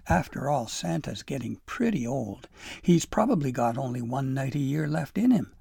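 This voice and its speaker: A man's voice: mid-range voice, lively intonation, normal speed, gravelly, warm tone, husky, no echo, studio quality, exaggerated voice. A man voicing a restless, dreamy young male elf who speaks earnestly and wistfully. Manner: earnest, yearning.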